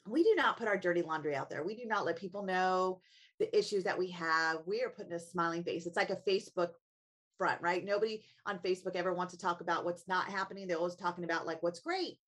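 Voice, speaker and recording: A woman's voice: fairly low pitch, fast, fairly bright tone. A middle-aged woman, a family coach and author, speaking earnestly as an interview guest and asking herself reflective questions. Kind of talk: interview guest, personal storytelling.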